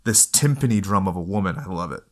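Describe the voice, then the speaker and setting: A man with a somewhat low voice leads a casual film discussion. He talks in an animated, analytical way, chatty and full of asides. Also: fast talker, a little hiss or hum.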